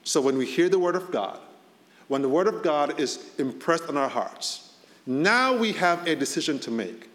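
A man's voice: fairly high pitch, expressive, normal speed, fairly bright tone. Man preaching in a reverberant church hall. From Boston area. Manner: conversational preaching with rising emphasis. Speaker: pastor. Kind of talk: sermon.

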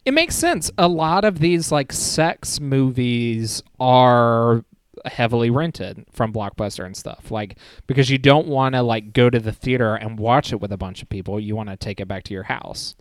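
Lively-voiced man co-hosting a movie podcast. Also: mid-range voice, moderate pace, dry recording. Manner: jokey, laughs often, steers the talk. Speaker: podcast co-host. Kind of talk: casual movie discussion.

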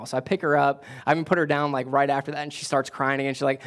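A man preaching a sermon as a pastor. He repeats key phrases for emphasis, restarts his sentences, and grows louder and higher when he presses a point. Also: steady tone, fast, few pauses.

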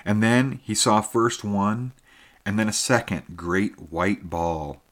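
A man reads a story aloud with measured, expressive storytelling. His voice is very deep and low, and he keeps a steady narrating pace. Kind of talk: scripted audiobook narration.

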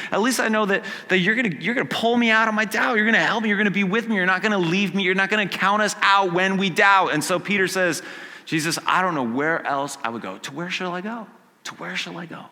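A man preaching a casual, conversational sermon. He acts out quotes and swings from hushed to loud. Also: sits high, fast, long reverb tail. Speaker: pastor. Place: church sanctuary.

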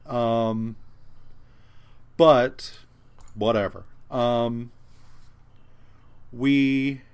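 A man's voice: mid-range voice, steady tone, very slow, clear, resonant tone. A man co-hosting a podcast, recapping comic books in casual chat, rambling with lots of fillers, restarts and swearing. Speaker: podcast co-host.

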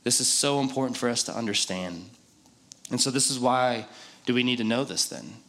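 A man's voice: mid-range voice, moderate pace, vocal fry, a bit bright. Guy preaching, talks like he's chatting with the room, jokes around then hammers the point over and over. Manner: conversational and joking, with emphatic repetition. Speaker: pastor. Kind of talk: sermon.

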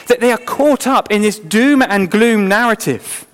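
A man preaching a sermon in an earnest, emphatic way, sometimes dropping suddenly to a quiet voice. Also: sits high, lively intonation, a little slow. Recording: long hall reverb.

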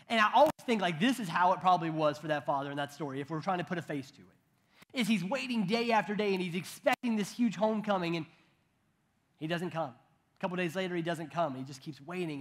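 High-voiced man preaching conversationally. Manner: conversational, joking asides, frequent restarts. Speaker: pastor. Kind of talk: sermon.

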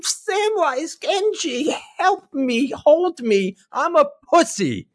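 A sniveling young hobbit who whimpers about his burdens in a high, wobbly voice that swings all over, as a man mocks him in casual podcast chat. The words come slow and drawn out, each one a complaint. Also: very animated, exaggerated voice. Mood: whiny. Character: whiny, weepy young male hobbit. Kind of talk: mocking impression in casual chat.

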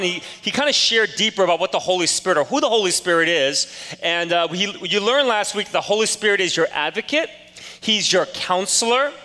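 A man's voice: sits high, sharp tone, long reverb tail. A man in his forties preaching a sermon in a casual, storytelling way with self-deprecating humor. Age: 40s. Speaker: pastor.

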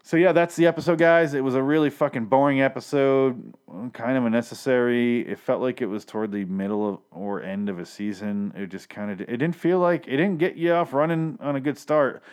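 Reviewing a TV episode on his podcast in Los Angeles, this man rambles sarcastically, swears, and keeps correcting himself. He speaks briskly in a clear, resonant, darkish voice of medium pitch with fairly even intonation.

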